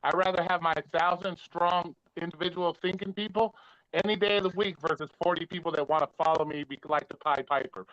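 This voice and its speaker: Male streamer host, slightly high, profane, restarts a lot; dry, muffled call audio. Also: steady tone, a little fast, a bit bright. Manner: profane, repeats himself before making a point. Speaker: livestream host. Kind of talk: heated casual debate. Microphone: video call.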